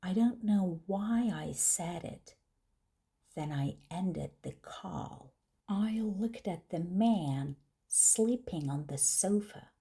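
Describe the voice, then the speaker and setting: A woman narrating a first-person story slowly and deliberately for English learners. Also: fairly low pitch, lively intonation, mellow. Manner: slow, clear, deliberate reading.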